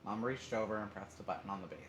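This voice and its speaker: A man's voice: on the low side, fast, a bit bright, soft background music. A man streaming live, reading a story game aloud with casual asides. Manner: reads aloud with asides and laughs. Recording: roomy echo, faint noise.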